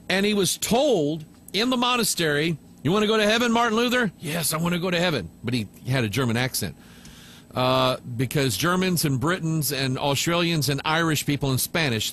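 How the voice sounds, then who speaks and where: A man preaching a sermon, telling stories in an animated way with asides to the congregation. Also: a little high, a little hiss or hum. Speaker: pastor.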